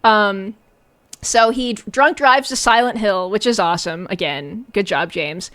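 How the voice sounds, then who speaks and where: A woman's voice: medium pitch, a little slow, fairly bright tone. A woman streamer giving a casual, sarcastic and profane recap of a film, often breaking into giggles.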